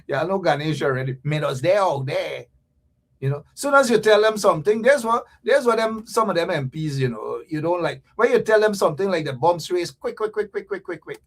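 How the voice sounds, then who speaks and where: A man with a Guyanese accent hosting a political livestream, ranting fiercely in creole-tinged talk and repeating words for emphasis. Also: high voice. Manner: fiery, ranting, repetitive, mixing creole slang and laughs. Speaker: political talk show host.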